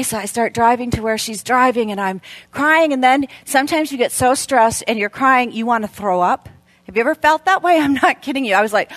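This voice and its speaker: A woman in her fifties speaking at a women's church event, telling a story in an animated way and laughing often. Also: on the high side, normal speed, no room sound.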